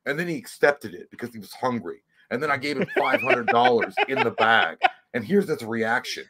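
Co-hosting a casual movie podcast, a man swears freely and launches into animated rants, mocking people with put-on voices. He talks a little fast in a mid-range voice, with slight background noise in the recording.

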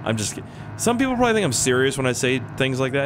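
A man's voice: mid-range voice, sing-song, quick pace. A young man riffs through casual gameplay commentary, jokey and rambling, often cutting himself off mid-thought. His voice sits mid-range but bounces around a lot. A faint hum of noise runs underneath. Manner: rambling, jokey, self-interrupting. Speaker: gaming YouTuber.

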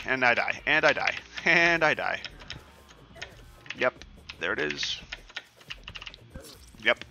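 A man's voice: medium pitch, very animated, a little slow, gravelly, pauses often, noisy background. A young man giving casual, profane commentary over a game he is playing, rambling and ranting as he goes. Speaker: gaming streamer.

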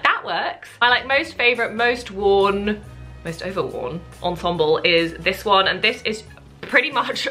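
A bubbly, self-mocking fashion vlogger in her twenties chats casually to camera. Her mid-range voice sounds pushed and bright.

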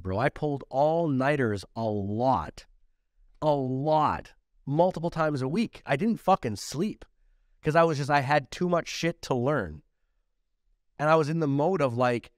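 A man's voice: medium pitch, lively intonation, a little slow, dry recording, studio quality. A man co-hosting a podcast, giving blunt, profane motivational talk in a casual way. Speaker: podcast co-host.

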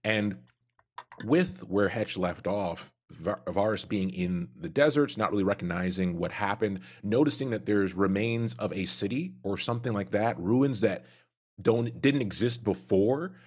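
A man's voice: lowish voice, unhurried, a little mellow, husky. A man co-hosting a casual podcast, agreeably recapping a story. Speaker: podcast co-host. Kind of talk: casual lore discussion.

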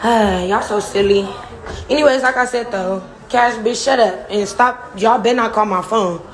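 A woman's voice: on the high side, normal speed, faint music behind. A woman from a reality show speaking straight to the camera, taunting and trash-talking with heavy swearing and bursts of laughter. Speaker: reality show cast member. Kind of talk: direct-to-camera rant.

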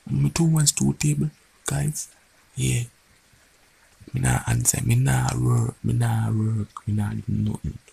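A man chatting quietly to his phone camera, keeping his voice down. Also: medium pitch, fairly even intonation, unhurried, creaky, breathy edge. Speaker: vlogger. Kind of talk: casual chat to camera.

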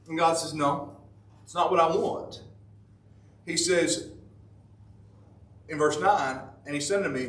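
A man's voice: a little high, steady tone, moderate pace, a bit bright. A man preaching a devotion, folksy and repetitive, rising into fervent emphasis. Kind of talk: sermon. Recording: echoey room, voice from a distance.

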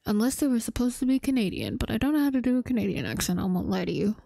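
A woman streaming a video game, chatting casually and poking fun at herself as she thinks out loud. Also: fairly high pitch, lively intonation, racing, gravelly, few pauses, no echo. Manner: chatty, self-deprecating, thinking aloud. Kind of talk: casual gameplay commentary.

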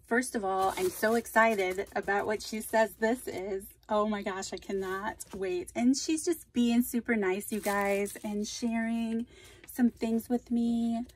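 A woman's voice: mid-range voice, slight background noise. A woman hosting a casual craft vlog, opening mail from viewers and thanking them effusively. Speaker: craft channel host.

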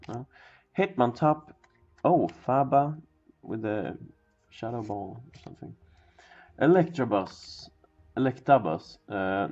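A young man casually narrating as he opens card packs, rambling and swearing, and sometimes bursting into loud excitement. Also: medium pitch. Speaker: pack-opening video host. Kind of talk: casual card-opening commentary. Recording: dull lo-fi sound with faint music.

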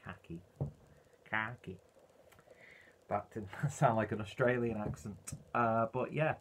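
A man's voice: mid-range voice, normal speed. A man reviewing a beer in a casual, rambling way, full of ums and uhs.

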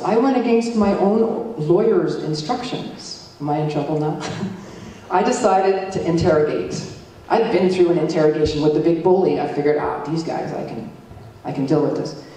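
A middle-aged woman telling her story at a community talk, with a dark, mellow tone. She acts out each exchange by changing her pitch. The sound comes from a mic set well back in a very echoey hall. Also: far from the mic. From Alberta, Canada. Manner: storytelling, acting out dialogue with shifts in pitch. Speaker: guest speaker warning communities. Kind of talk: public talk with slides.

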